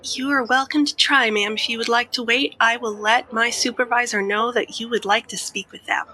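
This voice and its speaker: A woman's voice: fairly high pitch, fairly even intonation, normal speed, pushed and bright, a little hiss or hum, voice pushed up, poor audio. A woman voicing a stubborn small-town nurse who stays sugary-polite, calling people honey and ma'am. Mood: firm.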